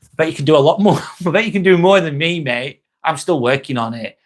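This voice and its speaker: The young man hosting this laid-back livestream talks a little fast, with a higher voice and lively intonation. He reads out what viewers have commented and replies in a friendly, reassuring tone.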